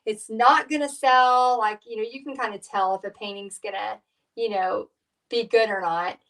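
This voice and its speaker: A woman's voice: medium pitch, fairly even intonation, moderate pace, vocal fry, far from the mic, rough recording. A middle-aged woman, chatting through a live painting tutorial in a rambling, storytelling way with lots of fillers. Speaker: painting instructor.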